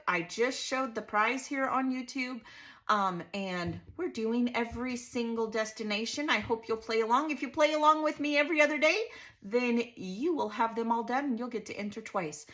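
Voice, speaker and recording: Bubbly lady chatting on her crafting vlog, laughs a lot, kinda high sharp voice. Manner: bubbly, laughs often while telling stories. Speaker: scrapbooking channel host.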